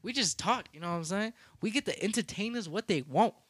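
A man's voice: high-pitched, lively intonation, fairly quick, a bit bright. A young man co-hosting a casual podcast, slangy and profane, joking and laughing with his friend. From Mexican heritage. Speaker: podcast co-host. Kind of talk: casual podcast banter and freestyle rap.

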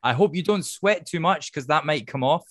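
A man hosting a casual podcast, recapping with wry asides and quick laughs. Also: a little high, animated, fairly bright tone, dry recording, clean studio sound. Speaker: podcast host.

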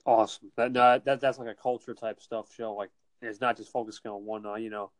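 A man's voice: fairly low pitch, fairly even intonation, a little fast, no echo. A man from New Jersey chatting casually as an internet radio host, rambling with lots of restarts and fillers. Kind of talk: casual chat. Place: home, winter in New Jersey.

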